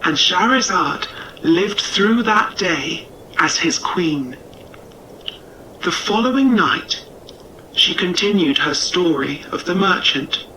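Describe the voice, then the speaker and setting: A man narrating a storybook tale in a measured, gentle way. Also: sits high, lively intonation, far from the mic, slight background noise, low-quality recording.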